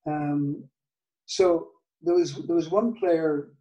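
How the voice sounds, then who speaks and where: An older man with a Northern Irish accent, telling a story in an interview, halting, with many restarts and soft laughs. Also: on the high side, steady tone, far from the mic, muffled recording. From Northern Ireland. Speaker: guitar maker, guest. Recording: echoey room, off-mic.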